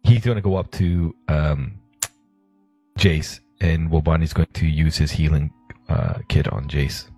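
A man's voice: very deep voice, steady tone, unhurried, dark tone, no echo, soft background music. A man playing a tabletop game, joking around with stammering restarts. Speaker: player. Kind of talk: casual tabletop play.

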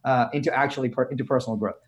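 A man from India, a guest in an interview, telling his story earnestly with frequent halting restarts. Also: medium pitch, steady tone.

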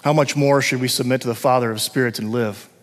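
A man's voice: medium pitch, fairly even intonation, fast talker. A middle-aged man preaching a sermon as pastor, reading scripture and breaking into casual asides and short laughs. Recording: long hall reverb.

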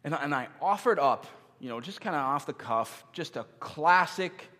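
A man's voice: a little high, animated, normal speed, fairly bright tone. A man in his thirties preaching a sermon in a casual, conversational way, with self-deprecating humor. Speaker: pastor. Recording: long hall reverb.

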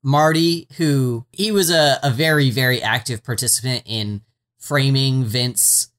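At a measured pace, a medium-pitched, slightly bright voice co-hosts a podcast recap of a TV series. The talk meanders through self-interrupting asides laden with "like" and "um," wry sarcasm, and the occasional curse word.

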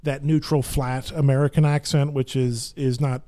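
A man's voice: mid-range voice, little pitch movement, normal speed, mellow. A young man from Texas chatting casually, stammering and restarting, now and then trying out a Brooklyn accent.

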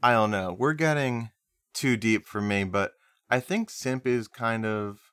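A man's voice: mid-range voice, unhurried, fairly bright tone, smooth, no echo, clean studio sound. A man co-hosting a music podcast, chatting casually with a nasal voice, rambling and laughing easily. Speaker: podcast co-host.

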